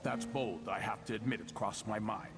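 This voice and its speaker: A man voicing a scheming ducal body double, smooth, wry and confident. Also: lowish voice, steady tone, moderate pace, noisy background, natural voice. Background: game music.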